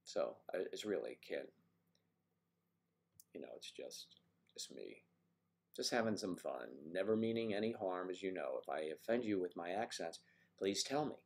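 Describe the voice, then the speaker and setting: An older man hosting a casual live stream and chatting through viewer comments. He talks in a halting way and often clears his throat. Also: deep voice, lively intonation.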